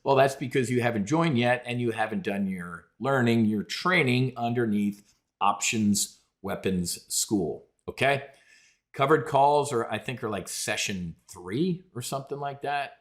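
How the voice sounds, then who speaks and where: A brash middle-aged man runs a live trading stream, rambling through charts and trades. He keeps calling his listeners folks and ladies and gentlemen, with a voice of ordinary pitch. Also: a little slow. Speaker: trading show host. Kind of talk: live market commentary.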